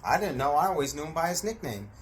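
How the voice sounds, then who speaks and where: A man telling a story in a casual, animated way, acting out voices and sound effects and swearing freely. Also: on the high side, fast, a little hiss or hum.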